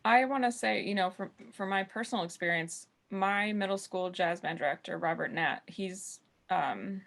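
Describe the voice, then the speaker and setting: A woman's voice: medium pitch, normal speed, gravelly, fairly bright tone. A woman from the United States, a jazz musician, speaking candidly on an online panel discussion over a video call. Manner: earnest, candid storytelling.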